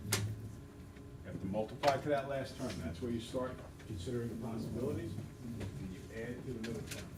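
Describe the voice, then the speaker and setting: A man teaching a math lesson to a class, quizzing students with quick questions in an upbeat way. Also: medium pitch. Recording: echoey classroom, distant mic, background noise.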